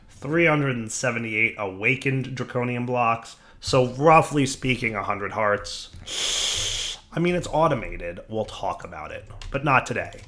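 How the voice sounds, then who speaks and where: Guy with a bright voice, bit under the weather, chatty gaming commentary, talks to his stuff. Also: mid-range voice. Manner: chatty, talks to his game machines and viewers. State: slightly sick, recovering voice. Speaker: let's play host. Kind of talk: casual gameplay commentary.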